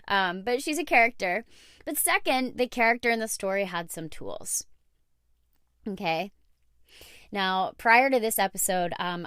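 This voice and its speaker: A woman's voice: medium pitch, a bit bright, smooth, dry recording. A woman hosting her own podcast, talking candidly and casually, with frequent fillers and the odd laugh. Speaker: podcast host. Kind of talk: casual solo podcast talk.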